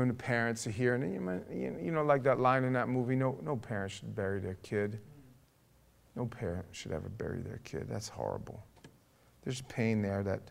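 A pastor, telling a story in a sermon, acting out the people in it and building to a forceful charge. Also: male voice, medium pitch, vocal fry. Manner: conversational, acts out dialogue, rising to forceful exhortation.

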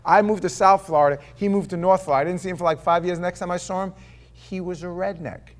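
A man preaching a sermon to a congregation, telling stories and then reading scripture aloud, swinging between loud declaiming and hushed asides. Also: high voice, fairly even intonation, fast talker. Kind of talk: sermon with personal storytelling. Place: church before a live congregation.

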